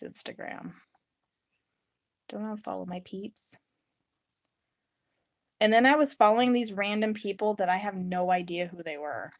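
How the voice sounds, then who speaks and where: A woman's voice: on the low side, no room sound. A young woman live-streaming her resin crafting in a casual, rambling chat. She reads and answers viewers' comments and acts out her own reactions in little quotes.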